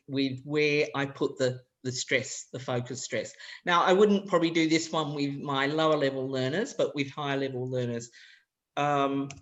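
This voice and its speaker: A woman presenting a practical teacher-training workshop. She demonstrates example sentences aloud as she explains. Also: low voice.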